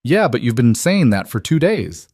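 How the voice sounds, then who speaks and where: A man voicing a bright six-year-old girl who talks in a matter-of-fact, earnest way. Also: medium pitch, sing-song, normal speed, husky, dry recording, studio quality, voice pushed up.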